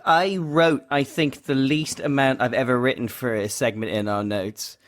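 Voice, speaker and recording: A man co-hosting a podcast in casual chat, animated and quick to laugh. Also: mid-range voice, noisy background. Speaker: podcast co-host.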